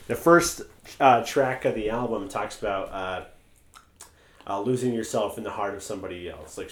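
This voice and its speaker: A man co-hosting a podcast, chatting casually in a rambling, animated way and swearing freely. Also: medium pitch. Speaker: podcast co-host. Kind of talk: casual chat. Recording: echoey room.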